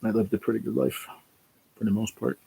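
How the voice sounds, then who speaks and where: A man's voice: on the low side, steady tone, a little fast, vocal fry, dark tone, husky. A worn-out man chatting casually on a livestream, reading and answering chat, sighing and swearing now and then. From New Jersey.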